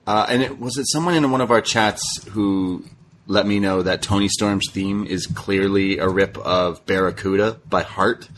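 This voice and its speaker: A man's voice: lowish voice, moderate pace, slight background noise. A man co-hosting a podcast, chatting casually and acting out what others said as he recaps a show. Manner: animated retelling, acting out quoted lines. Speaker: podcast co-host. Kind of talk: casual wrestling recap chat.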